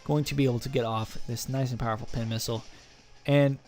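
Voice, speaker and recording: A man's voice: medium pitch, steady tone, fast talker, a little mellow. Young male gamer, wry play-by-play narration over a faint music bed. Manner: joking, self-mocking play-by-play. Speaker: gaming channel host. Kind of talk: battle commentary voice-over.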